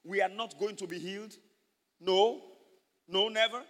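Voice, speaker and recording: A man's voice: high-pitched, steady tone, a little slow, fairly bright tone. A male pastor preaching a sermon, emphatic and repetitive, calling out to the congregation for responses. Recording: reverberant hall.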